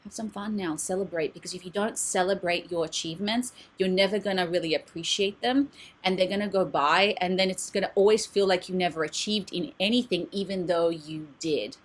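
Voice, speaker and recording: Speaking briskly in a lowish voice, this oracle card reader and meditation channel host leads a relaxed live-stream reading. She is candid, reads messages out loud, and broadcasts from a home closet turned studio.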